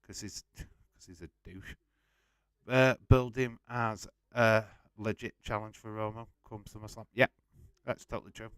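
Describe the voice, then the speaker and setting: A man's fairly low, smooth voice comes through steady and a little slow, with no echo. He's running a live wrestling watch-along, chatting bluntly and casually, swearing freely, welcoming viewers, and reading out what they post.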